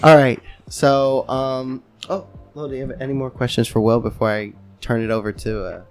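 A man hosting a casual podcast, excitable and profane, laughing as he talks. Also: medium pitch, normal speed, soft background music. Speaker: podcast host.

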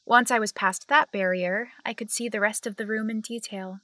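A woman's voice: medium pitch, steady tone, moderate pace, bright, forceful tone, dry recording. A young woman narrating and playing the lead in an audio drama, hesitant and nervous. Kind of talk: audio drama acting and first-person narration.

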